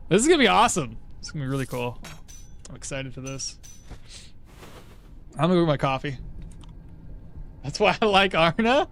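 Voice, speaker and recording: A man streaming a game, chatting casually and excitably, swearing now and then. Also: on the high side, moderate pace, long pauses. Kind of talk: casual gameplay commentary.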